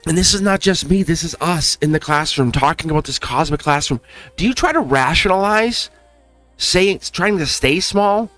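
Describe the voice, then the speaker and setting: Animated, teary man giving a spiritual pep talk. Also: a little high, moderate pace, soft background music. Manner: earnest, emotional, repetitive, speaks straight to viewers. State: near tears. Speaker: tarot reader, channel host.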